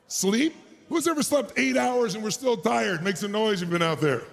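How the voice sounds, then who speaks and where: A man with a rough, gravelly voice that sits high in his register works a live crowd in an arena. He rallies the audience with shouted calls, crude asides and restless energy. A faint hiss sits under his voice. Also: animated, moderate pace. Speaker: motivational speaker. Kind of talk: motivational speech to a live crowd. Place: arena stage.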